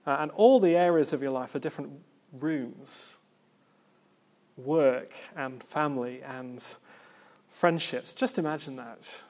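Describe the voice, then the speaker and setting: A man preaching a sermon in an earnest, reflective way, with pauses and gentle emphasis. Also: mid-range voice.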